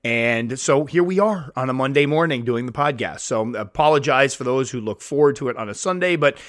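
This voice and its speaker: Man, podcast host, casual chatty monologue, mid-pitched voice, dry home recording. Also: animated, brisk, a bit bright, no echo. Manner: chatty, self-deprecating, acts out quoted voices. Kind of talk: casual solo podcast talk.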